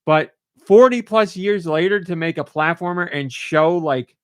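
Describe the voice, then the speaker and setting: A man's voice: a little high, measured pace, clean tone, no room sound, studio quality. A man hosting a podcast, chatting casually and gushing with enthusiasm. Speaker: podcast host.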